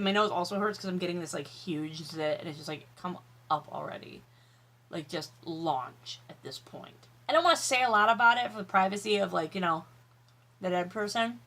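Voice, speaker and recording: Woman vlogger, tired, candid, chatty, swears freely, bright voice, home office. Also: medium pitch. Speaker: YouTube vlogger. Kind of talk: casual chatty vlog while eating.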